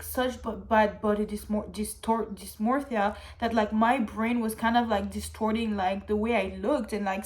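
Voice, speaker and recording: A woman chatting casually to her channel in a rambling, candid way, full of "like" fillers and swearing, at times getting emotional. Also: a little high. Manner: swears freely; emotional, gets teary. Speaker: vlogger. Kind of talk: casual chat.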